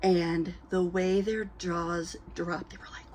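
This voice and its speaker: A woman's voice: on the low side, flat delivery, takes it slowly, darkish tone, slight background noise. A woman telling stories to camera in a casual, giggly way, full of ums, with a dry throat. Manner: chatty, giggly, many ums, acts out quoted voices. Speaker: reborn doll collector vlogger. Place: indoors at home, lit by a ring light.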